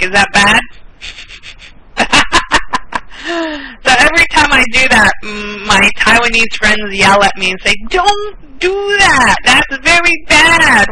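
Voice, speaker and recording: Casting: American woman as an English tutor, very slow and patient, mid-pitched, over a noisy line with clicks. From United States. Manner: patient, repeats words slowly, laughs often. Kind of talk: online English class. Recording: steady background noise with clicks.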